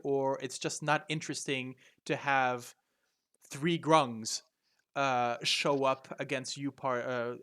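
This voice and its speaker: A man's voice: mid-range voice, fairly bright tone, smooth. A man running a tabletop game over a video call, explaining the rules in a hesitant way, with many fillers and restarts. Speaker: game master.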